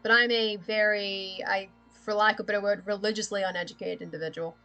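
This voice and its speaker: A woman's voice: medium pitch, fairly even intonation, a little fast, pushed and bright, soft background music. A woman chatting casually on a livestream while she draws, rambling, thinking aloud and often giggling. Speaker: streamer.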